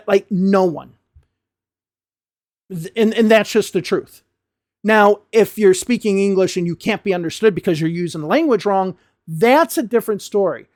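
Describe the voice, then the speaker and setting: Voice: mid-range voice, darkish tone, no room sound, clean studio sound. Blunt, passionate American English teacher. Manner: emphatic, passionate, blunt, swears casually. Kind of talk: direct-to-camera lesson rant.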